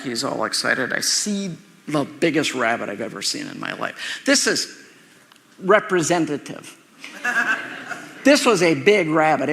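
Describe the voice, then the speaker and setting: A pastor in a big hall tells a story with lots of animation, acting out the sounds and voices. His voice is fairly high, gravelly and bright. The long reverb of the room trails after each phrase. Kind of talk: sermon with a personal story.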